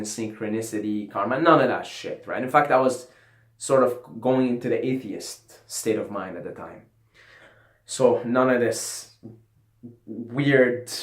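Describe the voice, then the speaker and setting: A man's voice: mid-range voice, a bit bright. A man hosting his own channel, telling a personal story in a casual, profane, ranting way, repeating himself as he goes. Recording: roomy echo.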